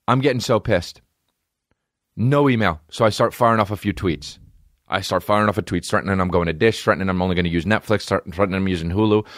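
A man hosting a podcast, telling a comedic rant in a profane voice that drops to a low mutter and rises to high-pitched yelling. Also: no echo, studio quality. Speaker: podcast host. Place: podcast studio.

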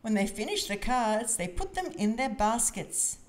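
A woman's voice: mid-range voice, moderate pace. A woman reading a picture book aloud to children. Her voice sings up and down expressively as she tells the story. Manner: expressive, sing-song reading.

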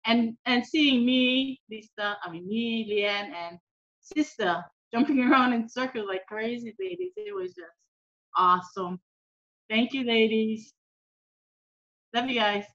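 A woman's voice: on the high side, expressive, a little slow, a bit bright, muffled recording. A woman, a former player, speaking affectionately and casually.

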